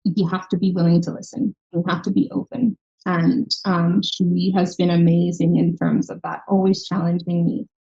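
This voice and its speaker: A woman from Ireland, a startup founder speaking as a guest in a conversational interview and telling her story in an animated way. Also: lowish voice, normal speed, gravelly, few pauses, slightly rough. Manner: animated storyteller who acts out quoted people. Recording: slightly dull lo-fi recording.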